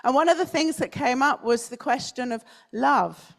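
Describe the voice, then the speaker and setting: British woman, conference speaker, slightly high voice, chatty, quizzes the audience, hall. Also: normal speed, gravelly. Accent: standard British English. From North London. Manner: chatty, asks the audience questions. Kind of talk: conference talk.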